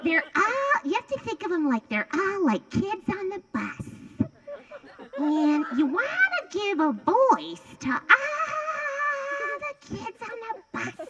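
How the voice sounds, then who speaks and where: Brief: a woman doing a syrupy female therapist, high and drawn-out, soothing to the point of smug. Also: wildly swooping pitch, dull audio, exaggerated voice. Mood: preachy. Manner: drawn-out, sing-song and overly soothing. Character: slow, syrupy female therapist, gently preachy.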